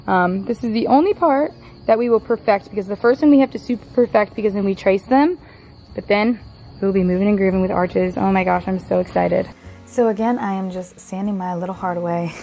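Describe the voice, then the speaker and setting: A woman's voice: medium pitch, darkish tone. A young woman narrating her building project in a bubbly, enthusiastic vlog style. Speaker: vlogger.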